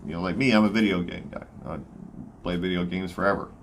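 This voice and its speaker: A man with a Southern American accent, a guest in a casual chat, talking haltingly with many fillers. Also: low-pitched, steady tone, slight background noise. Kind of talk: casual conversation.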